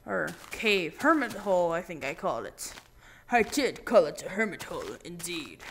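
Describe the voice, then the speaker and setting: Man, high voice, swooping lively pitch, jokey random gaming commentary, excitable. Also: moderate pace, a little hiss or hum. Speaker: gaming channel host. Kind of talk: casual let's play commentary.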